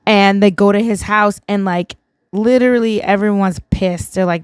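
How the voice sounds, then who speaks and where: A woman's voice: medium pitch, steady tone, normal speed, clear, resonant tone, dry recording. A woman hosting a vlog, tipsy and rambling through a casual film recap, leaning on "like" again and again. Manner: rambling, heavy use of "like". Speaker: vlog host.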